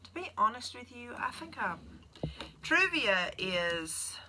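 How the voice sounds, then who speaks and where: A woman's voice: a little high, big pitch swings, slow, background noise. A woman with a Southern US accent, chatting casually on a livestream and answering viewer questions as a keto nurse.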